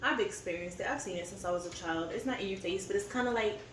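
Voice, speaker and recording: Talking fast at a medium pitch, the family eating channel co-host rambles candidly and vents with plenty of fillers in a casual chat over a meal. The far-off camera picks up roomy echo, faint ambience, and a noisy background.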